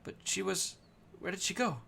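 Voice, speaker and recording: A man reading the lines of a polite, earnest young boy in a quiet, plain voice. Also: high voice, normal speed, creaky, slight background noise, pitched above the performer's own voice, heavily acted.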